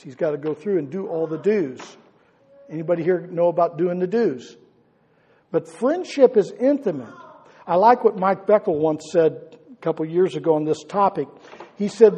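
A man who is a pastor, preaching a conversational sermon, asking his congregation questions and swinging between loud and hushed delivery. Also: high-pitched, breathy edge, big-room sound, dull audio. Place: church hall.

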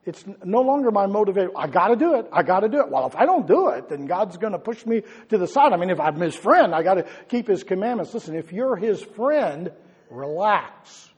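A man who is a pastor, preaching a conversational sermon, asking his congregation questions and swinging between loud and hushed delivery. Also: high-pitched, very animated, brisk, slightly rough, big-room sound. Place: church hall.

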